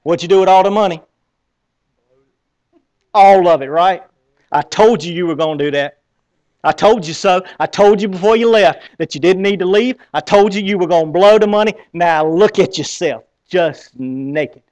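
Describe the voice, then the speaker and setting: A man's voice: sits high, normal speed, a little mellow, close to an everyday voice. A man with a Southern accent playing a stern father who scolds his returning son. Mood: scolding. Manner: reproachful, told-you-so.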